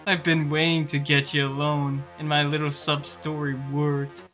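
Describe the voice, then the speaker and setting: A streamer voicing a twitchy, hot-tempered brawler who swears freely and yells when cornered. The voice runs bright and forceful, louder and higher than the reader's own. Faint music sits underneath. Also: level tone, moderate pace, lightly acted. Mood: taunting. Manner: loud, profane, frantic outbursts. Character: anxious, volatile brawler man, swings to rage. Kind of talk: reading game dialogue aloud.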